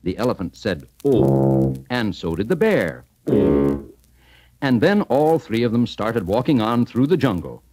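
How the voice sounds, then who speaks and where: Animated male storybook narrator. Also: medium pitch, normal speed, over music. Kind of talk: children's storybook record narration.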